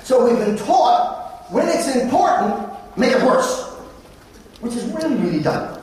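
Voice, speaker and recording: A man's voice: extremely high pitch, very animated, measured pace, darkish tone. A middle-aged Australian man giving a conference presentation, telling jokey anecdotes to make his points. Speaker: conference speaker. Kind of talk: motivational presentation. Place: large conference hall. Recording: echoey hall from far off.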